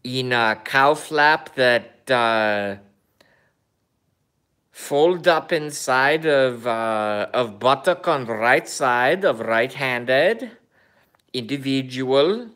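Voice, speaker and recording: A man putting on a mock Kazakh accent, playing a crude, bragging foreigner in slow, halting broken English. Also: medium pitch, expressive, fairly bright tone. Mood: goofy. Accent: put-on mock Kazakh accent. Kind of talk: comedic impression in a vlog.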